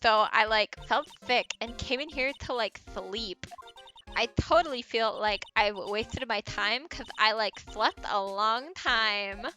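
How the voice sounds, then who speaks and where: A woman's voice: fairly high pitch, measured pace, sharp tone, soft background music. A woman voicing a ditzy, airheaded young valley-girl character from a game, stuffing "like" into every line. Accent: American valley girl put-on. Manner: says "like" constantly, vague and breezy. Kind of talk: game dialogue read aloud on stream.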